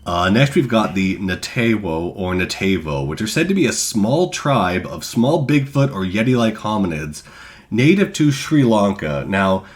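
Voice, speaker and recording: A man's voice: fairly low pitch, very animated, a little slow. A man co-hosting a podcast, reading researched notes in a casual way with self-deprecating asides. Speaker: podcast co-host presenting cryptids.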